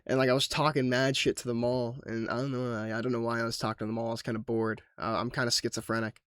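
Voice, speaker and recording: A man's voice: medium pitch, level tone, quick pace, a bit bright, clear, resonant tone, dry recording, clean studio sound. A young man casually recapping his game sessions as a YouTuber, rambling in slangy, profane talk. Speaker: gaming YouTuber.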